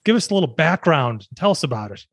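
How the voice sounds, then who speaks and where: A man's voice: a little high, big pitch swings, fast talker, gravelly, a bit bright, no echo, studio quality. A man co-hosting a podcast, reading a scripted intro and then chatting with guests in an upbeat, jokey way. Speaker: podcast co-host. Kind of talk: scripted intro then friendly interview chat.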